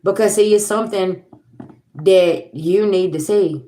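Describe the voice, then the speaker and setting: A woman's voice: mid-range voice, measured pace, mellow, reverberant. A woman, hosting a casual tarot livestream and talking bluntly to viewers, swearing freely and with sass. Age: 40s. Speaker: tarot reader and livestream host.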